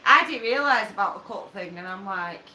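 A tipsy woman with an Oldham accent, giggling through lively banter as a co-host. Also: medium pitch, fairly quick. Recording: roomy echo with clear background noise.

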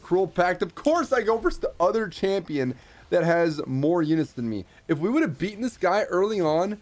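A young man giving casual, excitable commentary while he plays a strategy game, with playful jokey asides. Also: sits high, moderate pace. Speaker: streamer. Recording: faint music behind.

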